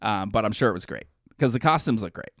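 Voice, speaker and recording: Talking quickly and animatedly in a lowish voice, this podcast co-host wanders through stories during a relaxed conversation and keeps correcting himself. The recording is dry and studio-clean.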